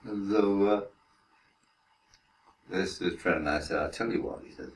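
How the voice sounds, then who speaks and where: An older man in his seventies telling a story slowly and haltingly, with chuckles. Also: low-pitched. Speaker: interviewee, her husband. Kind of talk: casual reminiscing. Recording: roomy, distant, hissy home recording.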